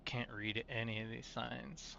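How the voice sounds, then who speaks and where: A man giving laid-back, joking commentary while driving in a trucking game, thinking out loud as he goes. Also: mid-range voice, little pitch movement, measured pace, creaky, slight background noise. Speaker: game streamer. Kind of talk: casual gameplay commentary. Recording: dull lo-fi mic sound.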